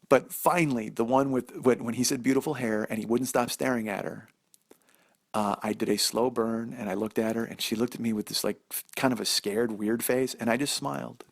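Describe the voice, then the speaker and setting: Gravelly man telling a profane story. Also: mid-range voice, moderate pace, no echo. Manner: profane, animated, acts out both sides of the dialogue. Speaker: comedian podcast host. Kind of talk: solo storytelling monologue.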